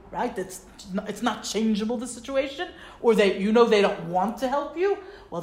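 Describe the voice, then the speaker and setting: Expressive woman teaching, roomy sound. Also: mid-range voice. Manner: conversational, expressive, asks rhetorical questions. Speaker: Torah teacher. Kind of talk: casual explanatory lesson. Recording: roomy echo, faint background noise.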